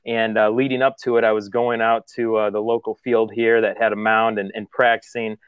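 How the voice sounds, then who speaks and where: Animated storytelling man, dry studio sound. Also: lowish voice, brisk, clean tone, no echo. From Chicago area. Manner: animated storyteller, acts out his own quotes. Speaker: podcast host. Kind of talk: casual storytelling chat.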